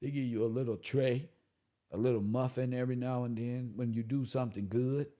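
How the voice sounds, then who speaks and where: A man speaking who delivers a preachy, swearing monologue to his viewers, swinging between loud and soft. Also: mid-range voice, steady tone, brisk. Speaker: online commentator.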